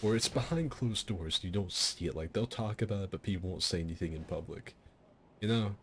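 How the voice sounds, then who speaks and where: A man's voice: low-pitched, fairly quick, a little hiss or hum. A man streaming a game fight night, telling a long rambling story that breaks off and keeps laughing at itself. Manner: rambling, self-interrupting, laughing at his own jokes. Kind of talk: casual storytelling over gameplay.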